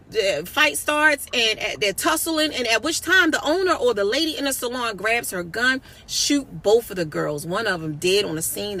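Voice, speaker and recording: A woman's voice: sits high, sharp tone. A woman comedian recounting a story in a blunt, indignant, profane way, talking straight to her listeners. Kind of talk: storytelling commentary.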